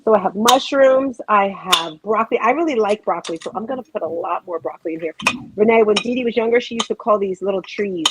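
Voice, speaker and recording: A woman's voice: mid-range voice, fast, background noise. A woman hosting a home cooking show, chatting casually and rambling to viewers while she cooks.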